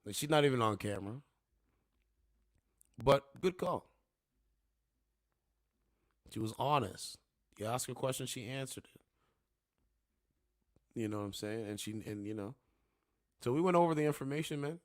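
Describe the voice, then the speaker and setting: A man's voice: mid-range voice, lively intonation, moderate pace, pauses often, dry recording. A man hosting a casual livestream from his home studio, rambling and repeating "you know what I'm saying". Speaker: livestream host. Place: home studio with two monitors.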